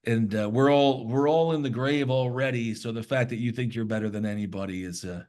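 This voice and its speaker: A man's voice: medium pitch, brisk, a little mellow. A man guesting on a podcast, chatting in an easygoing, self-deprecating, joking way. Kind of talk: casual chat.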